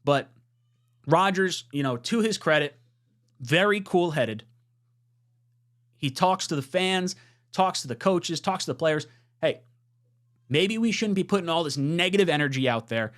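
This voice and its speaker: A man in his thirties giving casual fan commentary as a podcast host, frustrated, swinging between low mutters and loud outbursts. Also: lively intonation, a little slow, pauses often. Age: 30s.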